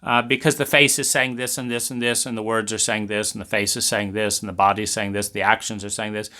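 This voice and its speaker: A man's voice: lowish voice, little pitch movement, fast talker, bright, forceful tone. A man giving a lecture-style talk, speaking animatedly and acting out family scenes as he goes. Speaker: speaker on trauma. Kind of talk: lecture monologue.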